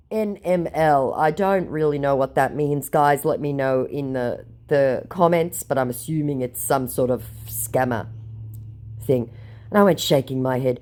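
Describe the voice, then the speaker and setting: Woman narrator, mocking and blunt, lively pitch, comic scambait retelling. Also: moderate pace. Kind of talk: comedic storytelling.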